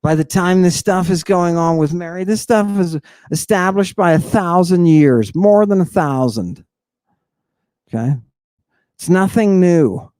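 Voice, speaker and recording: A man giving an informal slide lecture in an emphatic, teasing way, pausing for rhetorical questions and asking "right?" again and again. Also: sits high, a little mellow, no room sound, clean studio sound. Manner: teasing, addresses the audience directly.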